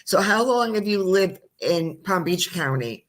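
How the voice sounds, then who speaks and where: A middle-aged woman hosts a live-streamed talk show, telling long, rambling stories in a chatty, casual way. Her voice is lowish, expressive and unhurried, captured on a streamed studio mic.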